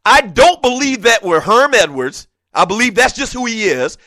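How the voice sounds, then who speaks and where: A male sports talk host speaks with a high, bright voice. He runs a passionate studio monologue that often climbs into shouting. The sound is dry and close. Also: sing-song, moderate pace, dry recording. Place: radio studio.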